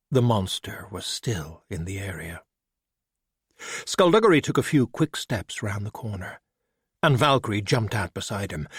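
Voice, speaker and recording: A man narrating an audiobook in a measured, expressive storytelling manner. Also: lowish voice, husky, no room sound, clean studio sound.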